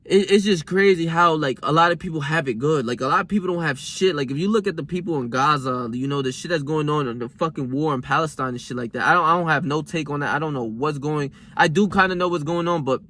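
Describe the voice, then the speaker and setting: A man's voice: fairly high pitch, fast talker, hardly any pauses, sharp tone, slight background noise. A young man vlogging while out walking in his neighborhood, giving a rambling, profane, slang-heavy motivational pep talk to his viewers. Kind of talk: casual motivational vlog.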